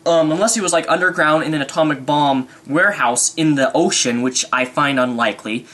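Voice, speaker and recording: A young man rambling excitedly through an unscripted movie review vlog. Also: fairly high pitch, a little fast.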